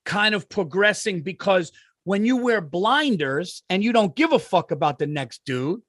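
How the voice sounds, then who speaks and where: High-voiced man telling animated stories. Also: normal speed, dry recording, studio quality. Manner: animated storyteller, swears freely. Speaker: podcast host. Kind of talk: casual chat.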